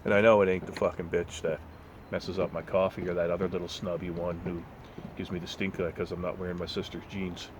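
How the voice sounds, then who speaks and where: A man's voice: sits low, little pitch movement, a little fast, background noise. A man telling a blunt, profane story in a casual rant, sometimes mocking other people's voices, recorded on a phone outdoors in town. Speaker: vlogger.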